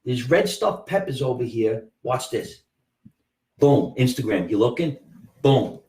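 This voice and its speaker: A man's voice: mid-range voice, lively intonation, a little mellow, distant mic. A brash comedian, hosting a profane live-stream chat from his home. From US East Coast. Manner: brash and profane, drawn-out emphatic words. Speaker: comedian host of a live show. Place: room at home. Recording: roomy, from off the mic.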